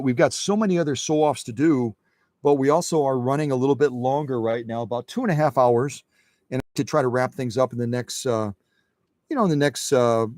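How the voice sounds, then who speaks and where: A man's voice: mid-range voice, no echo, clean studio sound. A man hosting a live sewing machine demonstration, chatting with viewers in a folksy, instructive way.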